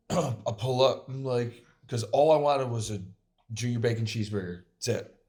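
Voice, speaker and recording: A man's voice: mid-range voice, normal speed, a little mellow. A man in casual podcast chat, telling a story animatedly, swearing and laughing at it.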